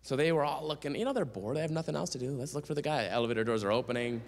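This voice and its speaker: A man's voice: mid-range voice, rapid-fire, vocal fry. A man giving a storytelling sermon as a guest speaker and singer, animatedly acting out the voices of the people in his story. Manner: animated storyteller who acts out quoted voices. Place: church sanctuary. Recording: long church reverb.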